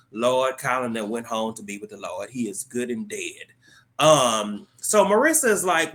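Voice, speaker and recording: A man's voice: medium pitch, big pitch swings, measured pace, fairly bright tone. A man hosting his own channel, casually recapping a TV episode in a slangy, joking way as he retells the plot's dialogue.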